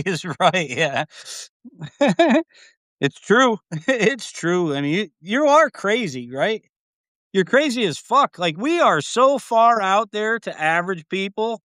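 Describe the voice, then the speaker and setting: A livestream host, a man with a mid-range, fairly bright, clear and resonant voice, rambles casually, swearing freely and laughing often. He trails off and restarts as he talks, and the sound is clean studio quality with no echo.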